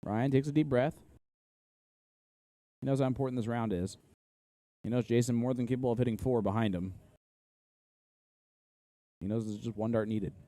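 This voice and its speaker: A man's voice: mid-range voice, moderate pace, pauses often, dark tone, dry recording. A man from Indiana with an Indiana accent giving casual, analytical play-by-play commentary on a live darts match.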